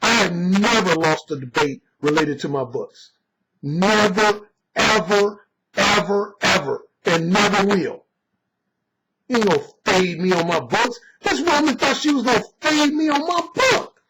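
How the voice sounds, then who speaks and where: Brief: male author-coach with a high voice, cocky and emphatic, swearing freely, on a noisy recording. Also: very animated, moderate pace. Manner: boastful, emphatic, blunt with profanity. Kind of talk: opinionated monologue.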